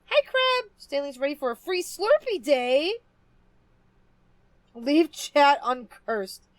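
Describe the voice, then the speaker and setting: A woman's voice: high-pitched, no room sound. A woman streamer chatting casually with her viewers while playing, chatty and easily amused. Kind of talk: casual game livestream chat.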